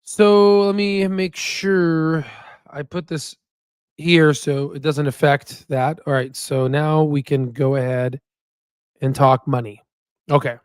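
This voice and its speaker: A chatty man talks casually to his viewers, repeating himself and laughing easily. His voice sits somewhat high for a man. The sound is close and dry. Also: fairly even intonation, takes it slowly, clean tone, no echo. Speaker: stock investing channel host. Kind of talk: casual livestream chat. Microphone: new desk microphone.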